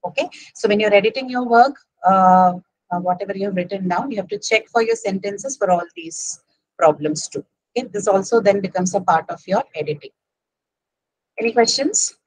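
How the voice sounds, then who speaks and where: A woman's voice: medium pitch, animated, moderate pace, a little mellow, no room sound, low-quality recording. Woman, Indian English accent, writing teacher, patient explainer, dry close sound. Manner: explains patiently, with frequent "right?" and "okay?" checks. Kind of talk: online lecture.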